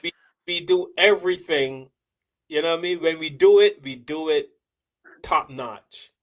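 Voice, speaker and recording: Earnest man from Barbados, slightly high voice. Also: measured pace, rough recording. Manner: earnest, reflective, asks for agreement. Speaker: co-host. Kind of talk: casual chat.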